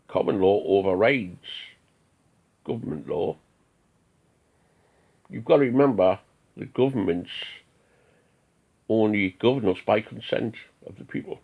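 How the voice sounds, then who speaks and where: Gravelly man on a tinny line. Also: fairly low pitch, animated, measured pace, long pauses. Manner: preachy, defiant, rhetorical questions. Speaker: member of an Odinist group. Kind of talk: ranting monologue. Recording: tinny phone-like audio.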